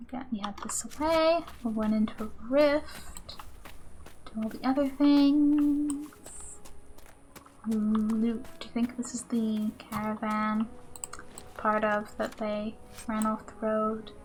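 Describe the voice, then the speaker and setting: Playful higher-voiced woman streaming a game. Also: fairly even intonation, slow pace, long pauses, a little mellow. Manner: chatty, playful, jokey asides to the game. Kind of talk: casual gameplay commentary.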